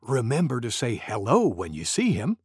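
A man reading a children's storybook aloud as a friendly male goose storyteller, in a slow, very lively sing-song way. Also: mid-range voice. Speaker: storybook reader. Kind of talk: children's read-aloud narration.

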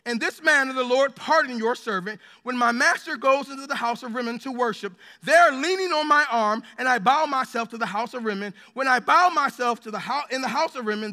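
A man preaching a sermon, impassioned and rising to shouts, with joking asides to the congregation. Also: very high voice, fairly quick, few pauses. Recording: long hall reverb.

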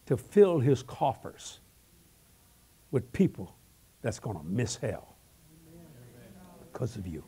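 An older man preaching an evangelism sermon, telling humorous stories in a folksy, animated way and often repeating words. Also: mid-range voice, slightly rough.

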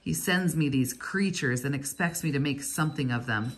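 A woman reading aloud, voicing an impatient, scornful male foreman who snaps curt orders in a storybook, her voice low and slightly husky. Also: normal speed.

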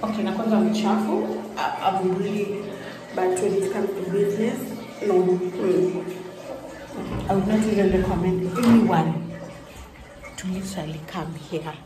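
A woman's voice: medium pitch, steady tone, unhurried, long pauses. Exasperated Kenyan woman in echoey bathroom. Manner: exasperated, dramatic complaining, mixing in Swahili. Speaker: vlogger. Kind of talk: casual vlog room tour. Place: small rental room and bathroom, indoors. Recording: very echoey small tiled room.

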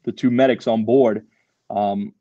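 A man's voice: fairly low pitch, steady tone, unhurried, dark tone, dry recording, muffled recording. A young man, a Marine veteran, telling his story as a podcast guest, loose and full of fillers and swearing. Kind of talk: casual storytelling interview.

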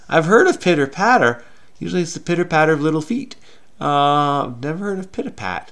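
Gravelly man frenetically solving crosswords. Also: fairly high pitch. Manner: frenetic, muttering to himself. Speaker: crossword solver. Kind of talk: casual puzzle-solving commentary.

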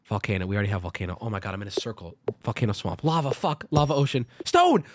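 A man's voice: fairly low pitch, big pitch swings, fast talker, noisy background. A man streaming a game, talking through each move aloud, swearing and breaking into sudden yelps. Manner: swears often, talks through moves out loud, with sudden yelps. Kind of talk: live-streamed game commentary.

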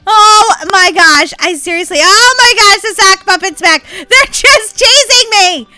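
A woman giving excited gameplay commentary as a channel host, squealing, laughing and crying out in bursts of panic. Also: very high voice, unhurried, hardly any pauses, soft background music. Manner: squealing, laughing, breathless exclamations.

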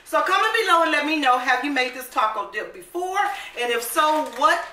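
A woman hosting a casual cooking vlog, upbeat and chatty, often calling her viewers "baby" and saying she is excited. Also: sits high. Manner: excited, admits talking fast. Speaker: cooking channel host. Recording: roomy echo, mic at a distance, faint noise.

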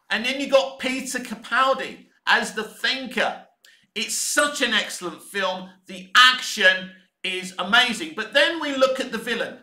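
A man's voice: high-pitched, sharp tone, echoey room. A man giving an opinionated, enthusiastic film review in casual spoken commentary, swearing now and then. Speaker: movie reviewer.

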